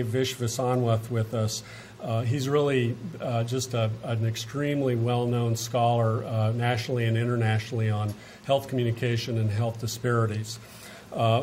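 A man hosting a university event, reading a formal introduction of the guest with frequent "uh" pauses. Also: mid-range voice, darkish tone, slight background noise. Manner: reads a biography with frequent "uh" pauses. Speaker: event host introducing the speaker. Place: lecture hall.

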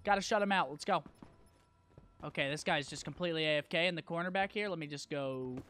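A man's voice: fairly high pitch, fast talker, sharp tone. Hyped man giving gameplay commentary. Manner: hype, self-mocking trash talk, sudden outbursts. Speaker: gaming YouTuber.

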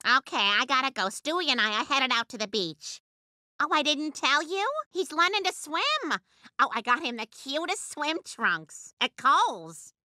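A woman's voice: high voice, big pitch swings, a little slow, sharp tone, dry recording, clean studio sound, heavily acted. An actress voicing a chatty suburban mother in a cartoon, rambling on in a talkative way. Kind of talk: cartoon voice acting.

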